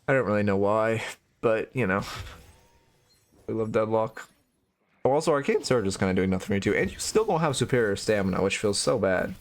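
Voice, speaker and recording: A man's voice: fairly low pitch, animated, fairly quick, pauses often. A man giving casual live-stream coaching commentary on a video game, blunt and opinionated, swearing freely.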